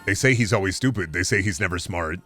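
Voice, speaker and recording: A man's voice: sits low, fast, soft background music. A young man streaming a game, chatting casually and ranting with plenty of swearing. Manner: animated, profane ranting. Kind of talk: casual chat while gaming.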